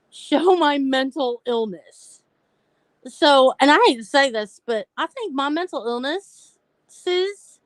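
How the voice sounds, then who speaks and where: With a high voice and no room sound, a woman shares her personal story on her mental health live stream. The talk is casual, candid, and aimed straight at her viewers.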